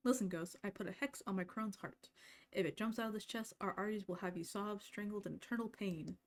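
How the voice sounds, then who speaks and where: A woman's voice: medium pitch, fairly quick, natural voice. A woman reading the lines of a blunt old witch necromancer in a game, talking in a brash, threatening way. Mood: menacing. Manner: brash, threatening then gruffly apologetic. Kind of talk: reading game dialogue aloud.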